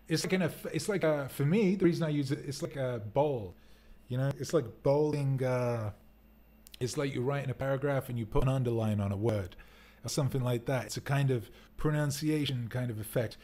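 A man's voice: mid-range voice, fairly quick, darkish tone. Laid-back rambling streamer guy. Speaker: livestream host. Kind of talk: casual live-stream chat. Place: indoor rental home. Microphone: desk mic for streaming, wearing headphones.

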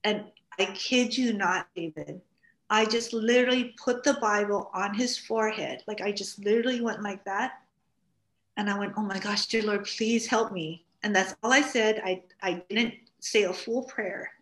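A woman's voice: mid-range voice, moderate pace. A middle-aged woman from Hawaii, guest on a talk show, telling stories casually and acting out what people said. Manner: animated, acts out quoted speech. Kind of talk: casual storytelling. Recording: roomy studio echo.

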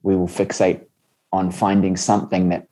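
A man's voice: low-pitched, flat delivery, moderate pace, dark tone. A man hosting a podcast interview, talking in a conversational way and asking his guest questions. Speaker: podcast host.

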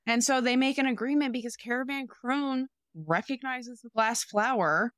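A woman's voice: fairly high pitch, normal speed, a bit bright, clean tone, no echo, clean studio sound. A woman co-hosting a podcast, animatedly retelling a film's plot in casual chat, with swearing and playful sound words. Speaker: podcast co-host. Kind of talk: casual movie recap chat.

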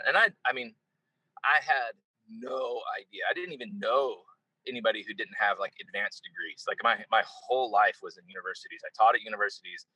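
Animated man, bright husky voice. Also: lowish voice, no room sound, poor audio. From United States. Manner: animated storyteller who acts out quoted exchanges, heavy on "you know". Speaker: interview guest. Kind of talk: casual conversational interview.

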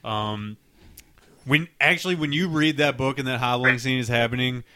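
A man co-hosting a casual podcast chat, laid-back and quick to react. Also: medium pitch, sharp tone. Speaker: podcast co-host.

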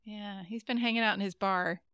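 A woman's voice: medium pitch, steady tone, a little fast, bright, forceful tone, clear, resonant tone, dry recording, studio quality. A woman co-hosting a podcast, recapping an episode in casual chat and giggling often. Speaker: podcast co-host.

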